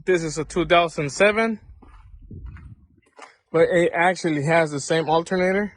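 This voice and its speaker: A man's voice: fairly high pitch, moderate pace, no room sound. Plain-talking man mechanic. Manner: plain, informal walk-through explaining parts and prices. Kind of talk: casual how-to repair vlog.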